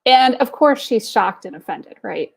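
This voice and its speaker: A middle-aged woman hosts a live stream with a fairly high, upbeat voice. She talks directly to her viewers, mixing encouragement with little jokes and stories. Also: lively intonation, unhurried, gravelly, husky. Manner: tells jokes and anecdotes. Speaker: host of an online women's business group. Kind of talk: live-stream pep talk.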